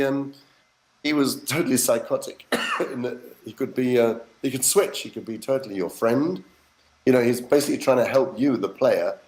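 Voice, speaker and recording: A middle-aged man, a voice actor, telling animated stories in a casual interview, acting out quotes and swearing now and then. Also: medium pitch, low-quality recording. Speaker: voice actor guest.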